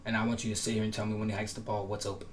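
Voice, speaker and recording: Very fast and flat, a man with a fairly low voice explains defensive setups in a laid-back gaming tutorial, hammering points home with repetition and emphatic promises. His voice cracks at times, and a little hiss or hum can be heard.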